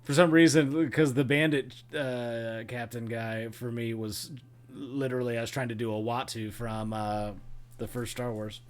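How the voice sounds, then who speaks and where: A man's voice: mid-range voice, level tone, unhurried. A man running a tabletop game as game master, narrating casually and thinking aloud with fillers.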